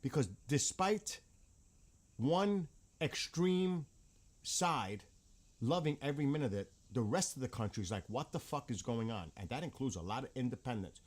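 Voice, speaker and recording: Heated man ranting with lively pitch. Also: moderate pace. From United States. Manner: blunt, heated, swears often. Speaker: vlogger. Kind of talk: casual political rant.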